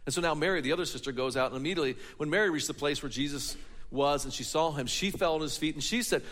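A man's voice: a little high, fast talker, a bit bright. A man preaching a sermon in a church hall, telling a story and building it with rhetorical questions. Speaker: pastor.

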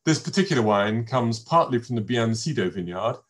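A man's voice: mid-range voice, lively intonation, fairly quick. An older man giving an informal wine-tasting talk from home, telling anecdotes with many ums and restarts. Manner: rambling anecdotal storyteller with many fillers and restarts. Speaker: wine presenter. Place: home in a village.

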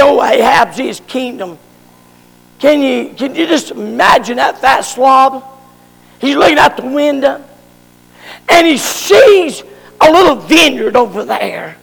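A man preaching a fervent sermon, shouting for emphasis. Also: very high voice, gravelly, big-room sound.

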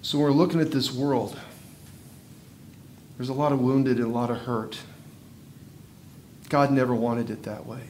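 A male pastor giving a sermon, telling a story vividly and swinging from hushed, slow passages to loud, intense ones. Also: medium pitch, steady tone, slight background noise.

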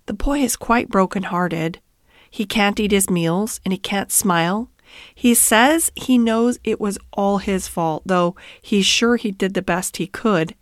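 A woman voicing a kindly male stable hand who speaks softly and coaxingly in a bedtime storybook reading. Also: mid-range voice, unhurried, dry recording, clean studio sound, close to an everyday voice. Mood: pleading. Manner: soft and coaxing. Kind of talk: storybook read-aloud.

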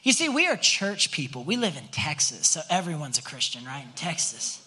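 On a Sunday morning in church, a male pastor gives an earnest, conversational sermon, putting rhetorical questions to the congregation and often restarting and repeating his words. His voice is fairly high and sing-song, bright and forceful with a breathy edge, at a moderate pace.

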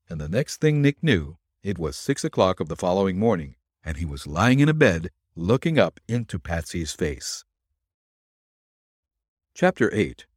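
Man narrating, dramatic, lively intonation, dry close recording. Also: low-pitched, breathy edge, dry recording. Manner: measured, dramatic storytelling. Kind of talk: scripted audiobook narration.

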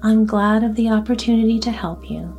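Courteous, quietly reassuring mysterious man in a storybook, voiced by a woman; warm, even, faint music bed. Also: on the high side, husky. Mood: calm. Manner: polite, measured, reassuring. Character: calm, courteous mysterious male stranger. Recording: soft music underneath.

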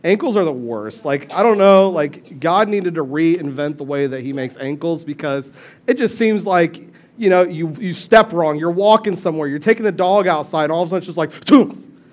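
A man's voice: on the high side, expressive, moderate pace. A young male pastor preaching a casual sermon, joking and acting out quotes as he tells stories.

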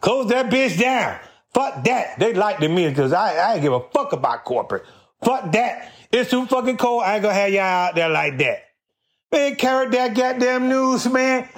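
High-voiced man telling a profane comic story. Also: animated, normal speed. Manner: rambling, heavy swearing, laughing as he talks. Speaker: stand-up storyteller.

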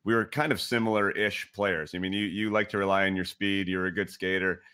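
A man's voice: low voice, fairly even intonation, pushed and bright, smooth. A man hosting a casual interview, a former hockey player, chatty with many fillers. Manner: quick, conversational, filler-heavy.

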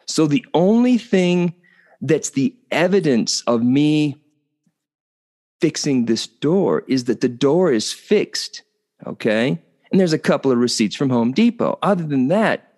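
Middle-aged male host, animated storyteller, very expressive pitch. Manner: animated, conversational, tags points with "okay?". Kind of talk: storytelling talk.

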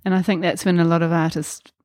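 A woman's voice: fairly low pitch, little pitch movement, fast, darkish tone, no echo, studio quality. A woman interviewing an artist in a casual chat, asking follow-up questions and offering brief encouraging prompts.

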